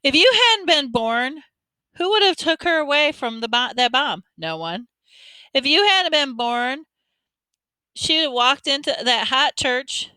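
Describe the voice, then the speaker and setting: A blunt, bossy teenage boy who scolds in slangy street talk, as a woman reader puts him on. The voice sits high and bright, clean and crisp, with a dry close sound and no room around it. The voice is kept full and firm. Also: lively intonation, moderate pace, hardly any pauses, no room sound. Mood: scolding.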